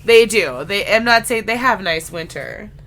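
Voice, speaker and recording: A woman's voice: medium pitch, moderate pace, a little hiss or hum. A woman co-hosting a podcast in casual, chatty conversation, her nose stuffed up from allergies. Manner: chatty, animated, self-mocking. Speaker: podcast co-host. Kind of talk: casual chat.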